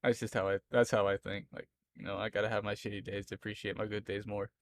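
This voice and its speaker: Laid-back, low Southern-accented young man. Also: little pitch movement, fast talker, slight background noise. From Florida, US. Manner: rambling, laughs often between lines. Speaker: live streamer. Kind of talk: casual chat with viewers.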